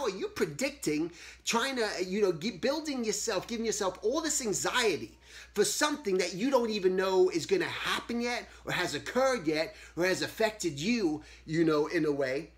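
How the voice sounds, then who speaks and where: A middle-aged man hosting a casual monologue, talking in an earnest, rambling way and asking many pointed questions. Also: sits high. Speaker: host.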